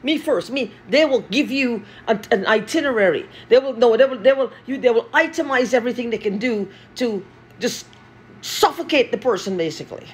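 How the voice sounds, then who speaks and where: A woman's voice: on the high side, brisk, a little hiss or hum. A woman from Guyana, talking in an angry, profane monologue and repeating herself.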